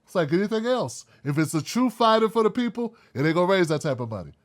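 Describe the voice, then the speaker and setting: A man's voice: sits high, big pitch swings, fast. A man hosting an opinion commentary show, blunt and fired up, swearing freely. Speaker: host.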